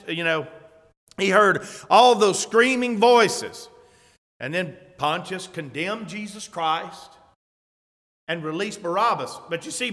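A man preaching a sermon in a church, his high, bright voice ringing out with a long hall reverb. He tells a story with dramatic flair, belting out the crowd's cries, then drops back into easy, conversational asides that check in with the congregation. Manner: conversational asides with frequent "okay?".

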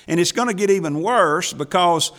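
Pastor preaching in a reverberant church. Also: male voice, high-pitched, normal speed. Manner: folksy, chuckling, swings between hushed asides and raised emphasis. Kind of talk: sermon. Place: church sanctuary. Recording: long hall reverb from church.

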